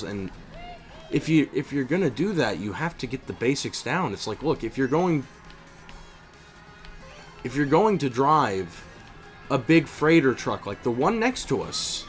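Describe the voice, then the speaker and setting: A young man streaming a video game, chatting casually in an animated, opinionated way, with lots of fillers and restarts. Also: a little high. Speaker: streamer and voice impressionist. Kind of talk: casual chat while gaming.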